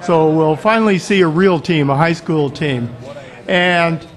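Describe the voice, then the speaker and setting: A man's voice: a little high, measured pace. A man announcing a live student robot competition in a chatty, amused way. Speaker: event announcer. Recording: live crowd noise.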